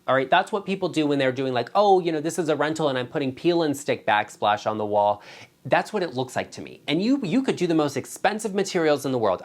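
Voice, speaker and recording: A man giving casual design advice to camera as an interior designer, chatty and emphatic with a sassy streak. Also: on the high side.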